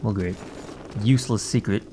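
A man's voice: lowish voice, moderate pace, mellow, a little hiss or hum. A man playing a video game and talking to himself in a drowsy, muttering way, swearing now and then and admitting he is sleepy. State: sleepy, yawning. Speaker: gaming channel host. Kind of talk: casual game commentary.

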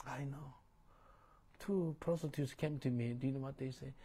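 A man preaching a sermon, questioning the congregation and moving between loud emphasis and hushed tones. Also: medium pitch, steady tone, normal speed, husky. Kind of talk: sermon with call-and-response.

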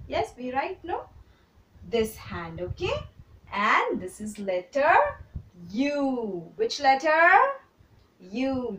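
Woman, kindergarten teacher, high lively voice, roomy echo, a bit far from the mic. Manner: slow, repetitive, encouraging drills for small children. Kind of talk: online handwriting lesson for young children.

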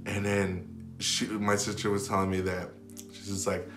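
A man with a lowish voice tells his own story to camera, rambling loosely and packing his sentences with "like" and false starts. He sometimes sinks into a near hush as he relives a moment. The room rings with echo, and faint music plays underneath. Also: flat delivery, normal speed. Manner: rambling, filled with "like" and restarts; drops to a hush when retelling whispered moments. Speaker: vlogger.

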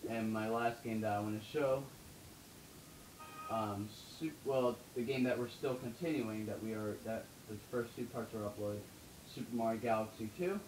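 A man co-hosting a casual video-chat update, halting and often laughing. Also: lowish voice, darkish tone, slight background noise. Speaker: co-host. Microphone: Wii U chat mic. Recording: echoey room with music.

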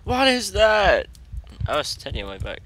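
A man's voice: high-pitched, huge pitch swings, moderate pace, fairly bright tone, faint music behind. A man commenting on a horror game as he plays, joking and talking as the toddler he controls, with sudden startled yelps. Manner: jokey, talks as the toddler he plays, jumpy yelps. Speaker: gaming commentator.

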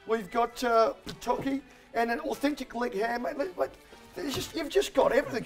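Australian male comedy sports host, high voice, matey and rambling. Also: brisk, soft background music. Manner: blokey, rambling, calls everyone mate. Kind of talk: comedic sports talk show hosting.

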